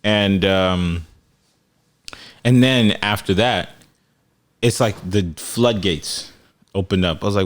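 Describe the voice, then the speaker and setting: Young male podcast co-host, lowish voice, lively storyteller. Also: slow, long pauses. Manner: animated storyteller, acts out quotes with big pitch jumps. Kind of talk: casual chat.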